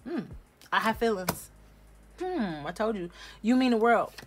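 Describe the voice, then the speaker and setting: A woman giving a casual tarot reading at home, talking bluntly and forcefully, swearing freely as she addresses viewers directly. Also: fairly high pitch, sing-song, unhurried, noisy background. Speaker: tarot reader. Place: home room.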